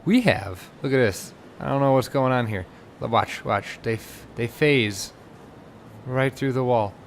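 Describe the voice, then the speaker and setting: A man's voice: mid-range voice, measured pace, gravelly, a little hiss or hum. A man giving rambling, casual commentary while playing a game, and he gets exasperated when things go wrong. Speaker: let's play host.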